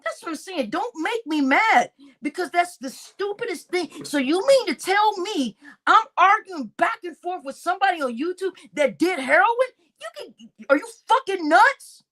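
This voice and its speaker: A woman's voice: extremely high pitch, animated, normal speed, a bit bright. A woman hosting a livestream, ranting angrily and with lots of profanity, repeating herself. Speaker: livestream host. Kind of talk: heated livestream rant.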